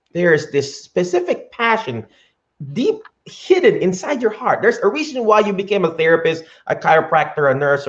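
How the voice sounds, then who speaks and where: Male live-stream host, lively and preachy, high-ish voice, lo-fi audio. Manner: animated, preachy. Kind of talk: live-stream interview commentary. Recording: dull lo-fi stream audio with faint music.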